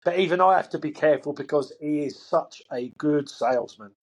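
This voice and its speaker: Brief: middle-aged man, raised pitch, chatty storyteller with chuckles. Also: brisk. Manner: chatty, acts out quotes, chuckles, repeats words. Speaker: koi dealer. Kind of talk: anecdotal storytelling.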